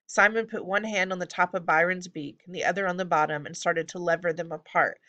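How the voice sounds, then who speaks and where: A woman reading a children's fantasy story aloud at a steady pace. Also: on the low side, fairly quick, lo-fi sound. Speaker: audiobook reader. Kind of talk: storybook narration.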